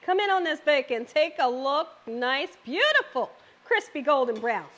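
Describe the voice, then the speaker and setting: Middle-aged lady chatting thru her cooking vlog, high pitched, talks right at the viewers all excited. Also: normal speed. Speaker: cooking channel host. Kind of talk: casual cooking vlog chat.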